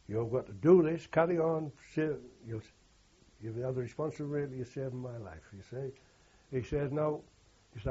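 A man's voice: a little high, mellow, breathy edge. An older man, a war veteran telling rambling oral history anecdotes and quoting others with "he says". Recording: dull lo-fi recording.

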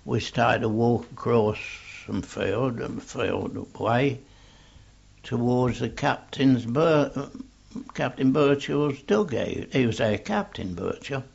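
A man's voice: mid-range voice, expressive, takes it slowly, creaky, darkish tone, husky. An older man with an English accent, recalling his soldiering days in a rambling, plainspoken oral history on a dull old tape recording.

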